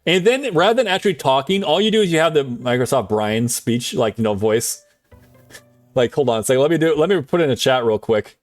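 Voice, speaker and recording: A man streaming, chatting casually in a rambling way with lots of fillers and quick chuckles. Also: medium pitch, expressive, no echo, soft background music. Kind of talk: casual chat.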